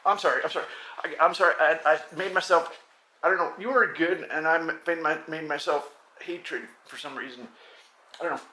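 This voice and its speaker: A man's voice: fairly high pitch, brisk, pushed and bright, a little hiss or hum, low-quality recording. A man recording himself, talking in an agitated, rambling way, swearing often and restarting his sentences. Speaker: self-recording programmer. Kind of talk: rambling self-filmed monologue.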